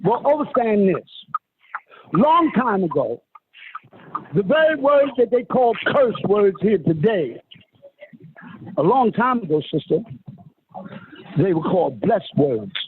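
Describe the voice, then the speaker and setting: A man with a notably high voice preaches a long, emphatic lecture, pitching his words up and down and calling listeners honey and sister. He comes through a thin, phone-like line with a faint hiss behind him. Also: big pitch swings, slow pace, pauses often. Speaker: self-styled spiritual teacher.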